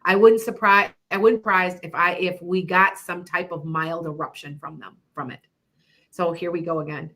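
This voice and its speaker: A woman's voice: fairly low pitch, steady tone, normal speed, bright, forceful tone. A middle-aged woman hosting an internet radio show, chatting loosely about her psychic predictions, rambling and laughing often. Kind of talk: casual chat about predictions.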